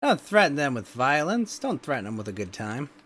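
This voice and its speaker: A man's voice: medium pitch, sing-song, a little fast, a bit bright, slightly rough. A man hosting a streamed podcast, joking around and answering his chat. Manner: playful, reads and answers chat.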